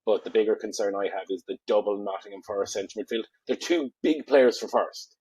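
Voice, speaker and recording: A man co-hosting a casual fantasy football podcast, his voice lowish and husky. He talks through team picks analytically, thinking aloud with little fillers, and the sound is dry and close. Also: a little fast, darkish tone, no echo, poor audio.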